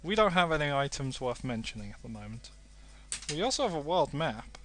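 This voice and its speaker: A man's voice: mid-range voice, expressive, fairly quick, fairly bright tone. A young British man casually commentating a game, playful and self-mocking. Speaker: let's play host.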